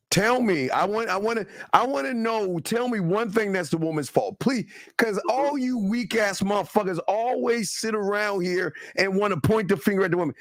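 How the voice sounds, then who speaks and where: A man's voice: high voice, dry recording, studio quality. Profane, confrontational man co-host. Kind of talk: heated livestream talk.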